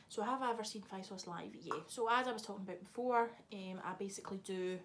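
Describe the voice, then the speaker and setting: A woman's voice: medium pitch, fast talker, hardly any pauses, fairly bright tone, slight background noise. A young woman, chatting casually to camera in a vlog, swearing freely and teasing someone off camera. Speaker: vlogger. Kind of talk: casual chat.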